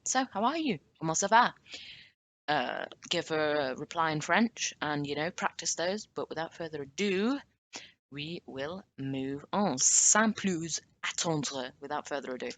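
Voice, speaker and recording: Bright-voiced low-pitched woman teaching. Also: lively intonation. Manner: chatty, self-correcting, drawn-out French examples. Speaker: language teacher. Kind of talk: casual video lesson.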